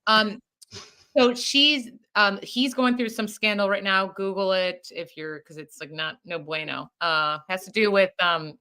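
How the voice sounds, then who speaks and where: Chatty woman podcast co-host, bright clear voice, rambling delivery full of fillers, casual banter. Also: medium pitch, fairly even intonation, unhurried. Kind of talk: casual chat.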